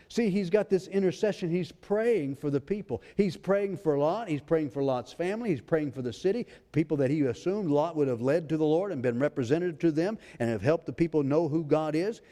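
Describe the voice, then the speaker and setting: A pastor preaching a sermon, reading scripture aloud in a pleading preacher's cadence. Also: male voice, a little high, lively intonation, fairly quick, hardly any pauses, dark tone. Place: church sanctuary. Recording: long hall reverb.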